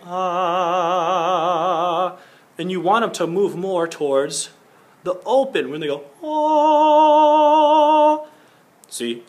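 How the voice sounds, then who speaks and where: A young man giving an earnest singing lesson as a school project, explaining each point and now and then singing a short vowel to show it. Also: mid-range voice. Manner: earnest, instructive, demonstrates sung vowels. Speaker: singing teacher.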